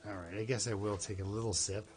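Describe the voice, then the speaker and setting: A man's voice: lowish voice, steady tone, fast, darkish tone, faint music behind. A man with a Canadian accent giving chatty, rambling gameplay commentary as a streamer, talking to his chat and to himself.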